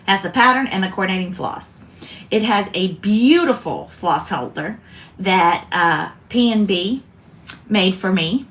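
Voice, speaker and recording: A woman's voice: mid-range voice, animated, measured pace, fairly bright tone. A woman from South Carolina, hosting a chatty, rambling craft video and often interrupting herself. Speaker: host. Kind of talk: casual chat.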